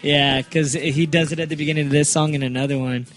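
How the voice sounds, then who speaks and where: A man's voice: fairly high pitch, fairly even intonation, fast, soft background music. A man hosting a casual podcast, rambling through his stories with enthusiasm and plenty of stumbles. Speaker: podcast host. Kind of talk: casual chat.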